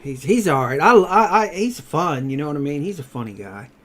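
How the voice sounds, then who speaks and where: A man's voice: on the high side, a little fast. Middle-aged man telling stories casually. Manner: storytelling, swearing freely, rising loud when excited. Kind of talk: casual chat.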